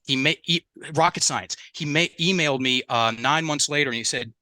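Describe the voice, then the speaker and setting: A man's voice: on the high side, fairly quick, pushed and bright, no room sound. A man as a mindset coach, telling stories in a casual interview and acting out quoted dialogue with animation, speaking into a headset.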